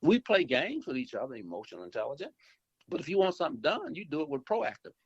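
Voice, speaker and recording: The dull, lo-fi phone recording is dry, capturing a fast, very animated man with a fairly high, slightly rough voice. Middle-aged and running an insurance agency while also investing, he gives rambling advice in the interview, with frequent repeats and restarts as he mimics calls with customers.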